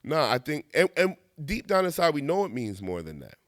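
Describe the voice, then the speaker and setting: Man, conversational monologue host, lively pitch, dry booth-like sound. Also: fairly quick, dry recording. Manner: animated, conversational, laughs at himself, slangy asides. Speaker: video essayist. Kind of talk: casual monologue.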